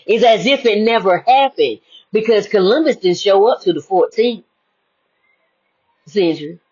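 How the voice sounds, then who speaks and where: A woman's voice: mid-range voice, animated, measured pace, a little mellow, husky, lo-fi sound. A woman speaking as a spiritual life coach in an emphatic, preachy monologue that repeats its key phrases.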